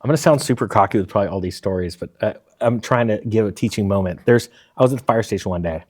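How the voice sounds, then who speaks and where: A man's voice: lowish voice, fast talker. A man in his forties, a former firefighter, telling stories in a casual interview and acting out the dialogue. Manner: animated storyteller, acts out quoted dialogue.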